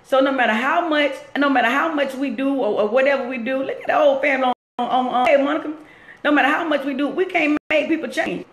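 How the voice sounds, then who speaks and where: A woman's voice: sits high, quick pace. A woman talking on a live stream from work, earnest and preachy, repeating her points as she encourages viewers. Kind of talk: casual live-stream talk. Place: at work, roomy space. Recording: echoey room.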